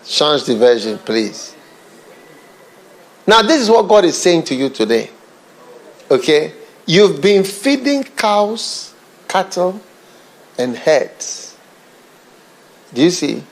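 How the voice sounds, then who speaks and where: Speaking slowly and pausing often, this man delivers a bishop's sermon that drops into quiet murmurs and whispers, then swells into animated, energetic preaching.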